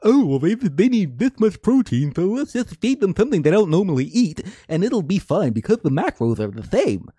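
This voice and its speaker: A man's voice: big pitch swings, brisk, few pauses, dark tone, husky, no room sound, studio quality, heavily acted. A man putting on a lazy, dopey voice to play a smug know-it-all fish-farming man. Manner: high, dopey mocking voice.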